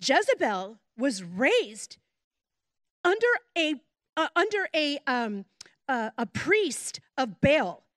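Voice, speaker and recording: High-voiced, animated woman preacher. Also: slow, no room sound, clean studio sound. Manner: animated storytelling, chatty asides. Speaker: pastor's wife and preacher. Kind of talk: sermon.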